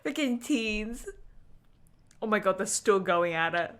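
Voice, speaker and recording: Emotional young woman reacting with slow, heartfelt talk. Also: mid-range voice, expressive. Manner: emotional, swearing, frequent "like" fillers. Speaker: anime reaction host. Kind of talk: casual live reaction commentary.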